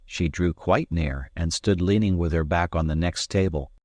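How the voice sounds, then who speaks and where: A man narrating an adventure novel as an audiobook, in a measured, expressive storytelling manner. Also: deep voice, dry recording. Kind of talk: scripted narration.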